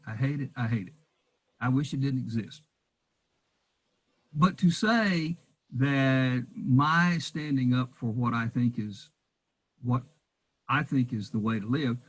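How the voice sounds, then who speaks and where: A man's voice: mid-range voice, breathy edge, low-quality recording. A man who is a preacher, speaking emphatically and firmly in a casual discussion. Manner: emphatic, firm opinions.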